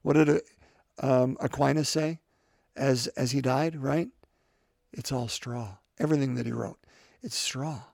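A man's voice: medium pitch, fairly even intonation, moderate pace, gravelly, a little mellow, dry recording, clean studio sound. A man preaching a homily, talking conversationally and repeating his points for emphasis. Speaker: priest.

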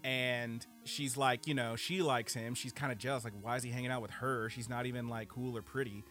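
A man co-hosting a podcast, reviewing anime in casual, animated, profane chat full of fillers. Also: mid-range voice, brisk, faint music behind. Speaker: podcast co-host.

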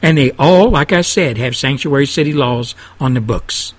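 A man's voice: medium pitch, normal speed, breathy edge. A man hosting a radio show, delivering a blunt, indignant, profane political rant. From Texas. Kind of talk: angry political radio monologue.

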